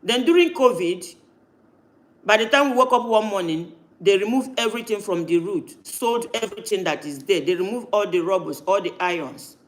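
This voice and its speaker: A man's voice: sits high, normal speed. A man hosting a live stream, talking insistently and cutting in with repeated no's. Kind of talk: heated live-stream talk.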